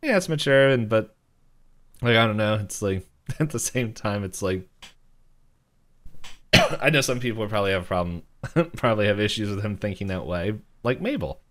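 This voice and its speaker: Young dude rambling thru a cartoon recap, lowish voice, tons of "like". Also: male voice, animated, moderate pace, long pauses, fairly bright tone. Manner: rambling, fills with "like", acts out characters' lines. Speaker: podcast co-host. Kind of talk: casual chat recapping a cartoon episode.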